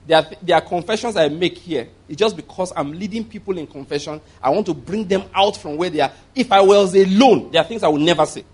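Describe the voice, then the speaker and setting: A man's voice: high voice, fast talker, hardly any pauses, darkish tone, slightly rough. A man preaching a conversational sermon as pastor, rambling through asides and chuckling often.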